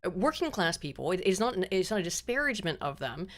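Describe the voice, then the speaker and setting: A woman hosting a casual political chat, blunt and quick to swear, laughing now and then. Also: on the low side, sing-song. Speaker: host.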